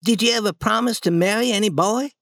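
A woman voicing an eager, boastful young schoolboy in a storybook reading, coaxing and lively. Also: medium pitch, quick pace, no room sound, studio quality, natural voice.

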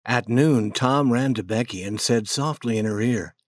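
A man narrating a storybook chapter in a plain, measured way. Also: mid-range voice, no room sound, clean studio sound.

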